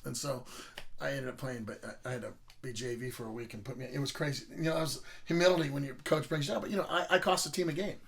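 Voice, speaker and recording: A man's voice: mid-range voice, racing, creaky, a bit bright. A middle-aged man casually telling rambling, profane stories about his school football days. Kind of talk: casual storytelling.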